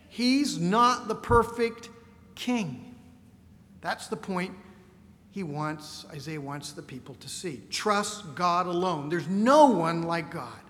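Male preacher, high voice, emphatic delivery, long hall reverb. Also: fairly bright tone. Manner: emphatic, slows on key words, reads scripture aloud. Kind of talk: sermon.

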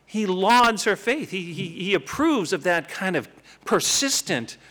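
A man teaching from scripture in a lively, conversational way, often tossing out rhetorical questions. His voice is bright and forward, pitched a little above the usual man's. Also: measured pace. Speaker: Bible teacher. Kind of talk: Bible teaching talk.

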